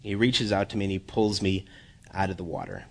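A man giving a sermon as guest preacher, joking at his own expense with halting restarts. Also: deep voice, wildly swooping pitch, vocal fry, darkish tone. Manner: self-deprecating humor, halting restarts. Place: church.

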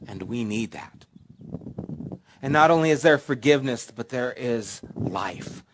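A man preaching a sermon, dropping to a soft hush and then rising to emphatic, storytelling moments. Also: medium pitch, lively intonation, unhurried, slight background noise. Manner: preacherly, swinging from hushed to emphatic. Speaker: pastor.

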